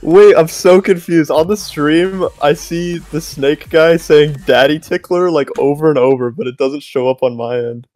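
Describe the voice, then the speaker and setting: Teasing young man with a slightly high voice. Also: moderate pace, hardly any pauses, darkish tone. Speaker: co-host. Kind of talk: casual gaming chat.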